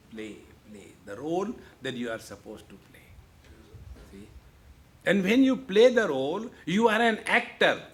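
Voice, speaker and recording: Jovial, slow-paced spiritual teacher. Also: male voice, medium pitch. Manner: jovial, repeats "see, friends", playful asides. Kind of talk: humorous spiritual discourse. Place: lecture hall.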